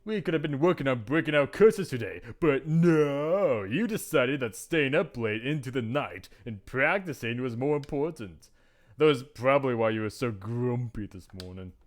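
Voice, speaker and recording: An earnest young princess, as a man puts her on with a raised voice. Her lines stay curious and sincere, with a lively rise and fall. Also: mid-range voice, moderate pace, lightly acted. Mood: questioning.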